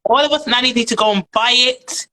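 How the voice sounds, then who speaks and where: A woman's voice: on the high side, brisk, bright, forceful tone, low-quality recording. A British woman hosting a casual live-stream chat, talking in a chatty, effusive, slangy way. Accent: British English. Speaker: host.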